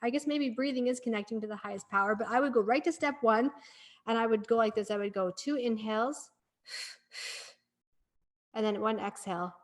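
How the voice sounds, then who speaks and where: A woman's voice: on the high side, fairly quick, pauses often. A middle-aged woman, a breathwork practitioner, talking as a podcast guest in an earnest, encouraging storytelling manner. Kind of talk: casual podcast conversation.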